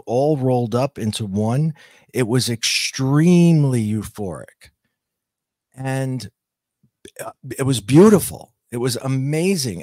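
A man's voice: mid-range voice, darkish tone, no echo, clean studio sound. A man telling his own near-death story as a podcast guest, earnest and reflective, stopping and restarting as he searches for words. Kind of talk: personal storytelling.

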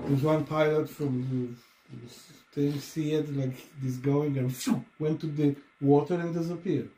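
A man's voice: on the high side, steady tone, unhurried, dark tone. Blunt, swearing man in an echoey room. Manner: blunt, swears a lot, broken English grammar. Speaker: podcast co-host. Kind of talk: casual chat.

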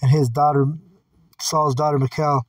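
A man's voice: on the high side, little pitch movement, normal speed. A man reading scripture aloud and commenting on it in a casual, blunt way, often swearing. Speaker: Bible teacher. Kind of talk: casual Bible study commentary. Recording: distant mic with singing bowl music.

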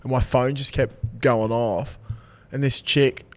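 A young man, co-hosting a casual podcast chat and telling a sweary, animated story. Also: medium pitch, slow pace. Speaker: podcast co-host.

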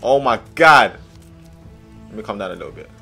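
A young man giving excitable, slang-heavy let's-play commentary, swinging between muttering and loud outbursts. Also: fairly low pitch, moderate pace, gravelly, husky, soft background music. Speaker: gaming streamer.

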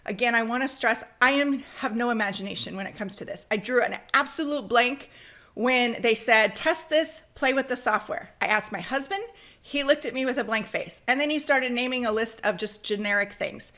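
A woman hosting a screen-recorded crafting software tutorial, chatty and practical, speeding up when she gets excited. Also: a little high, normal speed. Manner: practical, direct advice.

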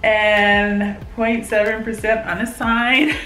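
A woman's voice: mid-range voice, little pitch movement, slow pace, bright, forceful tone, soft background music. A young woman vlogging casually, chatty and giggly with lots of fillers. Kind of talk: casual vlog chat. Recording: roomy echo.

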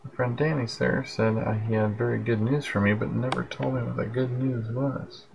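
This livestream host is a man with a mid-range, gravelly voice, fairly even intonation, and normal speed. He chats casually on a late-night broadcast, rambling in a friendly, tired manner and reading out viewer comments. The audio through his headphones' plug-in mic is dull, with background noise.

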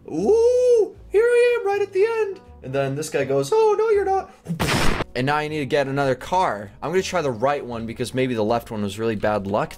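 Excitable young man narrating a game. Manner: excitable, jumps into high squeals when surprised. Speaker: gaming channel host. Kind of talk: casual gameplay commentary. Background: faint background music.

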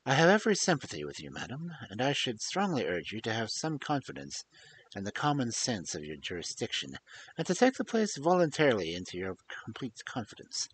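A man reading aloud and voicing a calm, grave male detective who speaks in a measured, formal way. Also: medium pitch, slight background noise.

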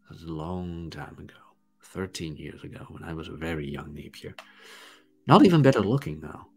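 A man who hosts a podcast, giving a blunt, crude, animated casual monologue. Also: low-pitched, normal speed, gravelly, husky, faint music behind. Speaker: podcast host.

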